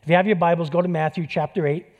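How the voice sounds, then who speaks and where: A middle-aged man delivers a sermon in a church, easygoing and conversational, dropping jokes and repeating key phrases to drive them home. His voice sits a little on the high side for a man. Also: fairly even intonation, racing, lo-fi sound. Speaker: pastor.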